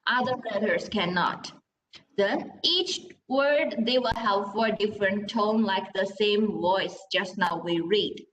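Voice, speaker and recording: A woman's voice: mid-range voice, slow pace, background noise. A woman teaching a Mandarin class. She explains patiently, models sounds for students to repeat, and checks in often by asking "okay?". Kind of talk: classroom language lesson. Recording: roomy echo.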